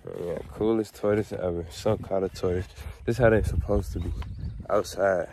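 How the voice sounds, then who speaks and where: Laid-back man with a lowish voice. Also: steady tone, normal speed. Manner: laid-back, slangy, swears casually; calls sharply and loudly to his dog. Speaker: vlogger on his animal property. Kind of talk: casual outdoor vlog. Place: outdoors on a rural property with animals.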